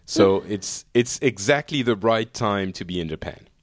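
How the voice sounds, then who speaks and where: A man's voice: fairly low pitch, lively intonation, moderate pace, dry recording, studio quality. A man with a French accent hosting a casual online round-table chat, joking often, with many fillers and restarts. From France. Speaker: podcast host.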